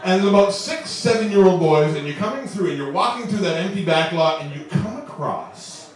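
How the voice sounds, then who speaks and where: Animated young man doing stand-up in a roomy club. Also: high-pitched, brisk. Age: 20s. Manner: animated, chuckles through his own jokes. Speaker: stand-up comedian. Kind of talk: stand-up comedy set. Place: comedy club stage. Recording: echoey club, distant mic, audience.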